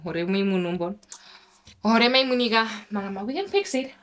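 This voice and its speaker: Young female vlogger from Namibia, casual and chatty, medium pitch, prone to excited high squeals. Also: moderate pace. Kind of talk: casual vlog chat.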